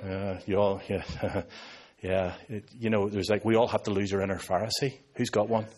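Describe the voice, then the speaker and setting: Cracking sarcastic jokes at his live congregation, this man in his fifties from Northern Ireland delivers a sermon in his native accent. The voice is on the low side and somewhat dark, flat in delivery, moving at a moderate pace.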